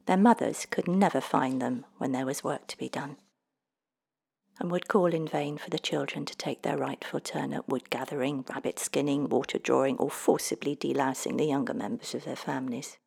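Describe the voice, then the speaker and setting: Low, gravelly woman reading a storybook. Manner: measured, expressive, dropping to near-whispers at tense moments. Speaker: narrator. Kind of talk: storybook narration.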